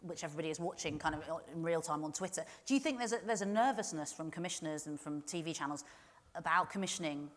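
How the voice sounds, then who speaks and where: A woman's voice: deep voice, quick pace. A woman moderating a festival panel, asking probing questions with repeated starts. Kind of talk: panel discussion. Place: festival panel on a stage in a large hall. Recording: long hall reverb.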